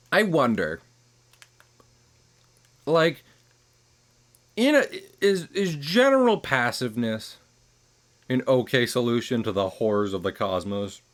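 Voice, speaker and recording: A man giving casual, rambling commentary while streaming a game, chuckling at his own jokes and trailing off into quieter asides. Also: fairly low pitch.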